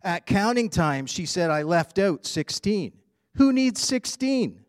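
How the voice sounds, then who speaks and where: A man's voice: high voice, very animated, slow pace, dry recording, clean studio sound, pitched above the performer's own voice, exaggerated voice. A man voicing a grumpy young boy who complains about his bad day, reading a storybook aloud.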